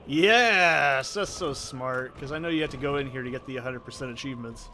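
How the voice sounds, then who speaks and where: A man's voice: medium pitch, fairly even intonation, quick pace, fairly bright tone, a little hiss or hum. Rambling Oregon guy, swearing a lot. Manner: rambling, heavy swearing, off-topic tangents. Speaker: let's play gamer. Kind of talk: casual gameplay commentary. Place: soundproofed corner at home. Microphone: desk condenser mic with pop filter.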